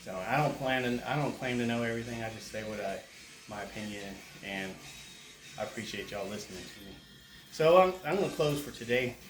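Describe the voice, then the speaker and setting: A man's voice: medium pitch, fairly quick. Folksy man in an echoey house. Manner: folksy, opinionated, chatty. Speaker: bee removal worker and vlogger. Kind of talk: casual rambling talk to camera. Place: inside a house during bee removal. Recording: echoey room, faint background noise.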